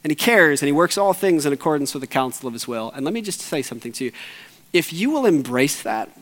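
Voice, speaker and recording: A man preaching a sermon as pastor, earnest, sinking to hushed low tones and rising to urgent, raised appeals. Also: sing-song, fast talker, in a large hall. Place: church sanctuary.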